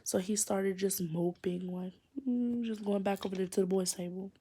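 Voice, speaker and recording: Teen girl vlogger, casual storytime delivery, mellow tone, slips into whispers. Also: mid-range voice, flat delivery, fairly quick, breathy edge. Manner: chatty, rambling, drops into whispers for secrets.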